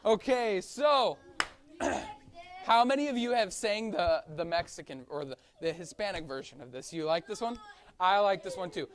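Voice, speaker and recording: A woman teaching a children's Sunday school class, coaxing the kids, singing and shouting along with them in a church classroom. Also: medium pitch, lively intonation, measured pace. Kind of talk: leading kids in song and chat.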